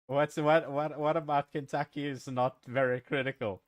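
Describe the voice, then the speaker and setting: A South African man chats casually with viewers while live-streaming a game, rambling and joking. His voice is fairly high-pitched with little pitch movement, at a moderate pace, with no echo.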